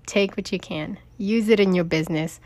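A woman host speaks from the heart, emphatic and near tears. Her voice is of middling pitch. She leans on each point with conviction. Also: moderate pace, a little mellow. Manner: emotional, emphatic, confessional. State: tearful. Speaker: podcast host, business owner. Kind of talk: personal faith talk.

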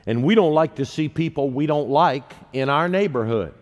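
A man's voice: a little high, lively intonation, normal speed, natural voice. A man in his sixties quoting a big, drunk young bully in the middle of his sermon. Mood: menacing. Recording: long reverb of a large hall.

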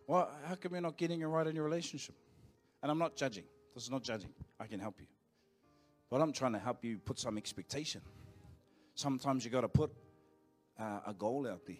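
Forties Kiwi-accented man, pastor in church, relaxed storytelling sermon, mid-range pitch, faint music behind. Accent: New Zealand. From New Zealand. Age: 40s. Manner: conversational and anecdotal, with quick asides to the congregation. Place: church auditorium.

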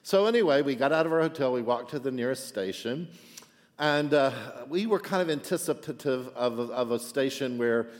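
A man's voice: medium pitch, expressive, moderate pace, in a large hall. A man preaching a sermon as pastor, telling a story in a chatty way and often asking for an amen. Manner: chatty, asks for amens and "right?".

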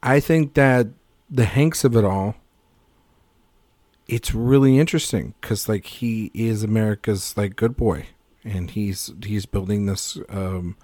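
A man's voice: on the low side, unhurried, darkish tone, no room sound. A man co-hosting a casual film podcast, rambling through jokes and tangents, swearing freely and laughing mid-sentence. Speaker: podcast co-host.

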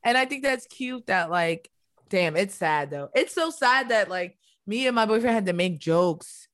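A woman in casual, expressive chat, using lots of fillers as she talks. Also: medium pitch, a little slow, dry recording.

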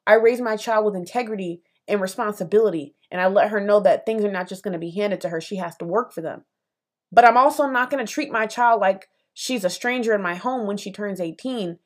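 A young woman hosts her own podcast, talking straight to her listeners in an earnest, emphatic way. Her pitch sits in the middle range, and she speaks casually, with many fillers and repeated phrases. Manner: passionate, emphatic, conversational with frequent fillers. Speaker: podcast host. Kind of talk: solo opinion podcast monologue.

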